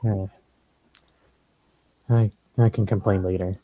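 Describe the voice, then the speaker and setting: Low, flat-voiced rambling player man. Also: slow pace, dry recording, narrow, tinny audio. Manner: rambling, full of fillers. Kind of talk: casual table talk.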